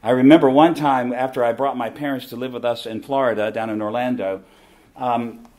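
A man's voice: mid-range voice, fairly even intonation, fairly quick, darkish tone. A middle-aged man with a Southern American accent, giving an emphatic preaching talk and repeating his key phrases. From southern United States. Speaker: conference speaker.

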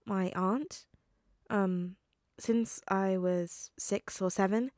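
Woman doing a nervous teenage boy, halting, hesitant, dry close sound, mid pitch. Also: fairly even intonation, a little mellow, no echo.

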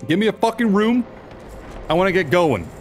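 A man commentating his own gameplay in a casual, profane and excitable way, reacting aloud to the game. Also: sits high, normal speed, soft background music. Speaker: gaming video host. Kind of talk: casual let's play commentary.

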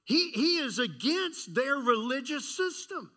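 Lively high-pitched preaching pastor. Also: male voice, unhurried. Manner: animated preaching, acts out voices, asks the congregation questions. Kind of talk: sermon.

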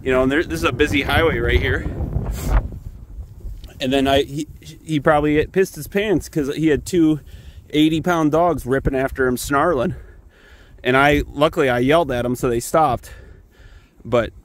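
A man's voice: mid-range voice, normal speed, pauses often. A man casually talking through a farm vlog outdoors in the wind, rambling and self-deprecating as he films his animals on a handheld camera. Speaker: farmer filming his animals.

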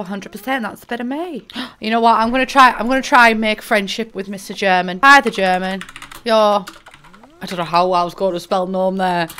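A woman's voice: medium pitch, a bit bright. A young woman with a Middlesbrough accent chatting casually and swearing as she plays a game, often giggling and mocking herself. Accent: Middlesbrough English. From England. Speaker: gaming YouTuber. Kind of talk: casual gameplay commentary.

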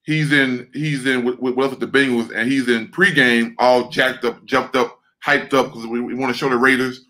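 Bright-voiced guy on a video call telling a football story, cursing, stumbling over words. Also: medium pitch, normal speed, poor audio. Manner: animated, profane, repeats words. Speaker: guest, former pro football lineman.

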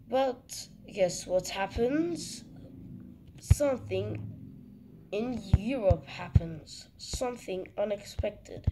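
A man from Turkey casually narrating a map animation with a joking, rambling manner, often correcting himself. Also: high-pitched. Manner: rambling, jokey, self-correcting. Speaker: mapping video narrator. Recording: noisy home recording with clicks.

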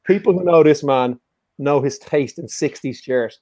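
A man's voice: fairly high pitch, moderate pace, a little mellow, no echo, studio quality. A man hosting a live-streamed music quiz in a casual, joking, teasing way. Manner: joking, teasing, playful banter. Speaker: quiz show host.

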